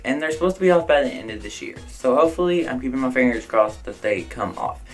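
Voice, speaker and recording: A man's voice: mid-range voice, animated, quick pace, poor audio. Young man, casual vlog Q&A, chatty, outspoken, faint music behind. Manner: chatty, outspoken, lots of "like" and "I don't know". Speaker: vlogger answering viewer questions.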